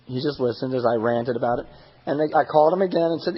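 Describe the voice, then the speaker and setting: Husky man, candid recovery talk. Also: medium pitch, quick pace, highs cut off. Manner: candid, self-deprecating storyteller. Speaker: recovery meeting speaker. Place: meeting hall.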